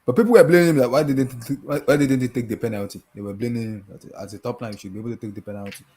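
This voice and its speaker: A man's voice: mid-range voice, very fast, dark tone, slight background noise. A man hosting a casual football chat, talking in a rambling, hesitant way. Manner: rambling, hesitant, lots of fillers.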